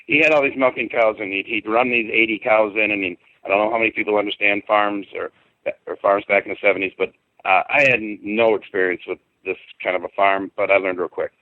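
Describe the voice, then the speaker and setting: A man's voice: fairly low pitch, fairly even intonation, quick pace, no room sound. A middle-aged man, a podcast guest, telling a personal story in a rambling, colloquial and emphatic way over a phone call. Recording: tinny dry phone line.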